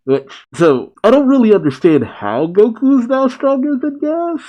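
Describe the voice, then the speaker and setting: A man's voice: very high voice, very animated, normal speed, few pauses, dark tone, lo-fi sound. A man casually recapping a comic chapter and reacting, laughing often.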